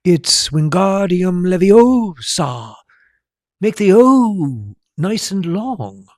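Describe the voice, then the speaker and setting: A man's voice: high voice, sing-song, extremely slow, a little mellow, no room sound, clean studio sound, pitched above the performer's own voice, full character voice. A man voicing a bossy know-it-all schoolgirl who corrects others sharply and draws out her words.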